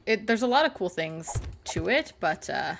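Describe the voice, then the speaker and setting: A woman's voice: fairly low pitch, sing-song, normal speed, gravelly, a bit bright, slight background noise. A woman hosting a casual game livestream, chatting with viewers in a playful, sarcastic way and making innuendo jokes. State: burnt mouth. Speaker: livestream gamer host. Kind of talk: casual live-stream chat with viewers.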